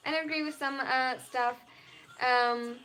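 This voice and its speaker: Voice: sits high, steady tone, measured pace, sharp tone, soft background music. A young adult non-binary streamer with a German accent, earnestly reading out chat messages and answering them at length on a live stream. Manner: earnest, reads chat aloud and replies at length.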